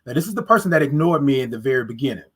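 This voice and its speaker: A woman's voice: very deep voice, animated, very fast, slightly rough. A woman hosting a podcast, telling a personal story in a casual monologue, acting out both sides of conversations and talking straight to her listeners. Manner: talks straight to listeners, repeats phrases for emphasis. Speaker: podcast host.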